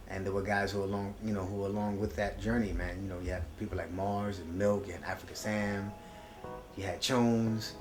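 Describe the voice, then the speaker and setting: A man's voice: on the low side, echoey room, a little hiss or hum. A man telling stories in an interview, laid-back and emphatic. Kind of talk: reflective storytelling.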